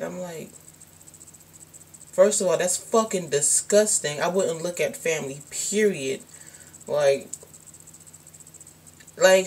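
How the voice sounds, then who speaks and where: A woman's voice: on the low side, slight background noise. A young woman telling a personal story in a casual vlog, blunt and slangy, swearing freely and filling her speech with "like". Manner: blunt and frank, swears freely, many fillers. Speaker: vlogger.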